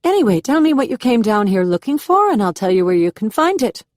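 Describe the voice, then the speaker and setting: A friendly, nosy young woman in a thriller audiobook, as the narrator puts her on, her lilting South American cadence stretched by a Southern drawl. She sounds raised and bright, eager to help, in a close, dry recording. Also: a little high, sing-song, fairly quick, no echo, voice pushed up. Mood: friendly, curious. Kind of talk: audiobook character voice.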